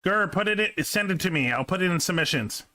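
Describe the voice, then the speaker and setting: A man's voice: sits high, animated, fast, sharp tone. A man hosting a casual reaction video, enthusiastic and casually profane.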